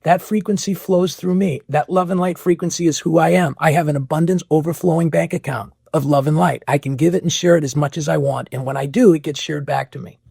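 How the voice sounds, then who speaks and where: A man's voice: fairly high pitch, fairly even intonation, a little fast, vocal fry, hardly any pauses, darkish tone, breathy edge, no room sound, studio quality. A man hosting a spiritual podcast monologue, asking rhetorical questions and repeating phrases. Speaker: podcast host.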